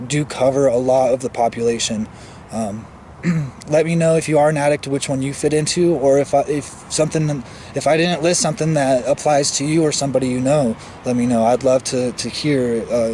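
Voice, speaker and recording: A man talking earnestly to camera outdoors in the cold, halting with many restarts and fillers, shivering a little. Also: mid-range voice, a little mellow, slight background noise. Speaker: vlogger. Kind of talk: casual monologue to camera.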